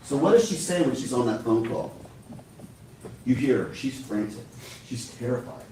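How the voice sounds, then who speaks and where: A man delivers a prosecutor's closing argument, his pitch swinging widely as he presses each point on the jury. He sounds set back from the microphone in a large, very reverberant courtroom, with a faint hum of room noise underneath. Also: lively intonation, moderate pace, mellow. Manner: emphatic, persuasive, addresses the jury directly. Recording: echoey courtroom from far off.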